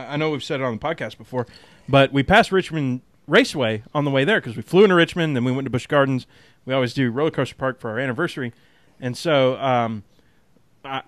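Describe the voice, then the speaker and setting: A man hosting a podcast, telling a story in a casual, animated way with frequent laughter. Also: medium pitch, no echo. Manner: laughs often, animated storytelling with quoted voices. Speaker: podcast host.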